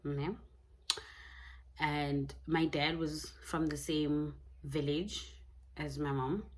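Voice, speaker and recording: A woman's voice: low-pitched, steady tone, drawn-out words, darkish tone. A young South African woman telling a personal story in a candid, casual way, laughing often. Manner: candid, mixing in Setswana phrases, laughing often. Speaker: YouTuber.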